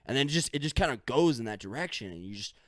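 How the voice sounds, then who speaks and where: A man's voice: mid-range voice, lively intonation, fast, no echo, clean studio sound. A man hosting a solo podcast, rambling loosely, swearing casually and making up stories as he goes. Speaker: podcast host.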